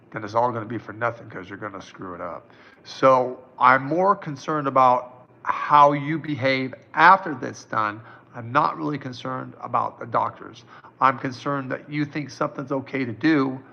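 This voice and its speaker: Gravelly-voiced psychic in his fifties. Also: medium pitch, bright, forceful tone, lo-fi sound. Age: 50s. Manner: casual, reassuring, chatty with many fillers. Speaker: psychic answering viewer questions. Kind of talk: live-stream Q&A.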